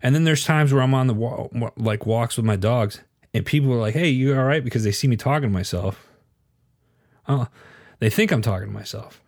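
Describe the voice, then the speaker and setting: A man's voice: medium pitch, brisk, creaky, no echo, studio quality. A middle-aged man hosting a casual faith chat, talking in an earnest, confiding way and often repeating words as he thinks.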